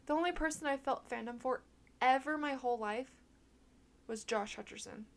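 A young woman with a slightly high voice co-hosts a podcast. She chats in a loose, playful way and giggles often. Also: moderate pace. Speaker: podcast co-host. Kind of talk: casual chat.

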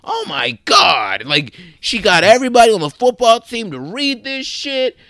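A man putting on the voice of an intense, brash woman football coach, shrill and shouty. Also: wildly swooping pitch, moderate pace, no room sound, exaggerated voice. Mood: gloating rant.

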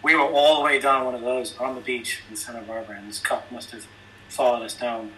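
A man's voice: mid-range voice, little pitch movement, brisk, pushed and bright, far from the mic, slight background noise, low-quality recording. An Irish man from Ireland telling rambling, profane anecdotes in a casual podcast chat. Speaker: podcast guest.

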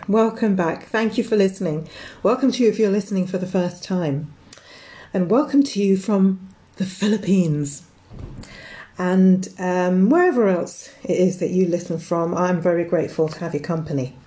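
Female podcast host, low mellow voice, encouraging reflective monologue. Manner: warm encouraging, lists words in slow succession. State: out of breath. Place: greenhouse.

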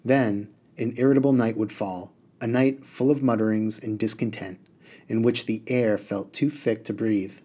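A man reading a novel aloud to a class as their teacher, with expressive delivery. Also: on the low side, moderate pace.

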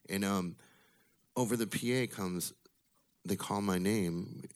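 A man's voice: lowish voice, slow pace, long pauses. A man telling a wry, profane personal story at a bar open mic, in a casual manner. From Illinois. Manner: casual, wry, swears freely. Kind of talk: live storytelling. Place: bar with live audience.

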